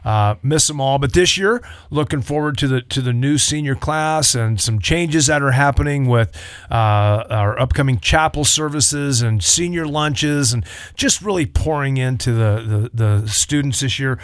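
A man's voice: medium pitch, normal speed, dry recording, studio quality. A man who is an assistant pastor, chatting and joking on a church radio show. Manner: joking, chatty, lively asides. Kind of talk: casual radio talk show chat.

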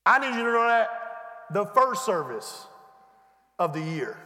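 A man preaching a sermon, calling out to the congregation and building to shouts. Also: high-pitched, sing-song, unhurried. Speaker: pastor. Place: large church hall. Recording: echoey church hall.

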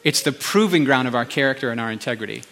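A male pastor giving a conversational sermon, animated, with chatty asides to the congregation. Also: medium pitch, quick pace, vocal fry.

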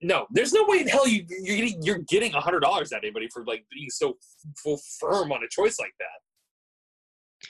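A man's voice: on the high side, very animated, a little fast, a bit bright, husky, rough recording. A man co-hosting a podcast in casual chat, playful and teasing, often stammering over restarts. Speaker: podcast co-host.

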